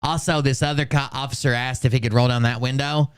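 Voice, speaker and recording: A man talks through casual stream commentary in a sardonic tone and swears freely. His voice is smooth and clear, recorded dry on a close mic. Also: mid-range voice, steady tone, quick pace, no echo.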